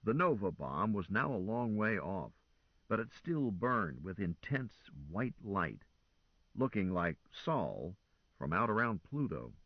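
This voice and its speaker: A man narrates a novel in a measured, expressive voice. His pitch moves in lively arcs. The recording is very dry and a bit dull. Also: slightly rough, no echo. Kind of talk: audiobook narration.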